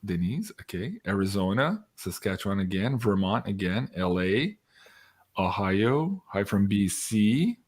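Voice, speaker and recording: A man's voice: on the low side, very animated, unhurried, a little mellow, slightly rough. A man hosting a casual livestream, upbeat and chatty, reading out viewers' messages and laughing often. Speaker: livestream host.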